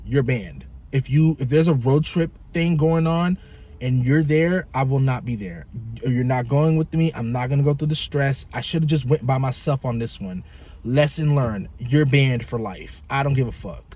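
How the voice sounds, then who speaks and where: A man's voice: medium pitch, normal speed, mellow. A man vlogger telling a story in a casual, profane, exasperated rant.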